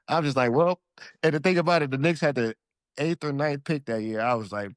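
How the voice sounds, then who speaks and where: A man from Alaska, a podcast guest, telling stories in a relaxed, slangy way and acting out his own past lines. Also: fairly high pitch, normal speed, no room sound, clean studio sound. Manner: animated storyteller who acts out his own past lines. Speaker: podcast guest, former pro basketball player. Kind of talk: casual storytelling interview.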